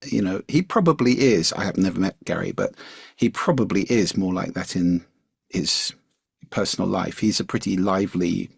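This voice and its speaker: A man's voice: moderate pace, creaky, breathy edge, no room sound, studio quality. A man speaking as a guest voice coach on a podcast, explaining points expressively and demonstrating intonation as he goes. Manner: demonstrative, varies pitch widely to illustrate. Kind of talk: podcast interview.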